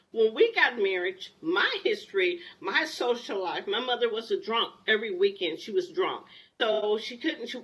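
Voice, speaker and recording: A woman in her sixties, a talk show guest, telling a personal story in a lively, candid way. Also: on the high side, low-quality recording.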